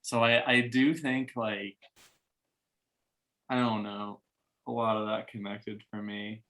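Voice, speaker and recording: A man's voice: lowish voice, level tone, takes it slowly, sharp tone. A young man on a video call, talking candidly in a casual group share, swearing often and filling his talk with "like". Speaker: workshop facilitator.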